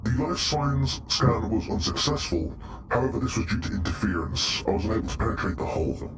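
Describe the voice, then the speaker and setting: A man's voice: lowish voice, lively intonation, fairly quick, background noise, pitched below the performer's own voice, natural voice. A man voicing a male ship computer that makes formal, precise announcements. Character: flat-voiced male ship computer, Jack.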